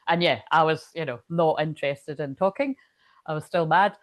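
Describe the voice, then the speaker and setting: A woman's voice: low-pitched, normal speed, no echo. A woman doing casual live-stream chat as a spiritual reader, telling a rambling story full of swearing.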